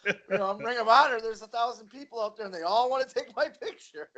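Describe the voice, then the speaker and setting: High-voiced wrestler swapping stories. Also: male voice, moderate pace, sharp tone, dull audio, slight background noise. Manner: laughs through his stories. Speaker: guest, professional wrestler. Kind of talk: casual podcast storytelling.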